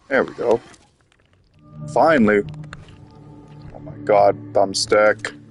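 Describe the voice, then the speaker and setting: A man's voice: on the low side, slow pace, pauses often, faint music behind. A man giving casual commentary while playing a video game, frustrated, rambling and swearing. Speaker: gaming YouTuber.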